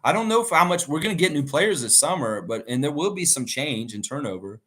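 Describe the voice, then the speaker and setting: A man's voice: on the high side, lively intonation, fairly quick, fairly bright tone. A man hosting a casual live stream, chatting loosely and reading viewer comments aloud as he rambles through his thoughts. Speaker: livestream host reading chat. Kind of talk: casual live reaction chat.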